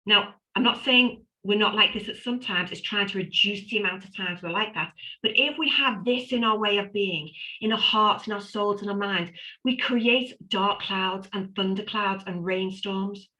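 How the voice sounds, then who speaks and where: In a poor-quality recording, a middle-aged woman presents a live online wellbeing workshop. Her mid-range voice is bright and forceful at a moderate pace, and she delivers upbeat, emphatic lists with repeated phrases.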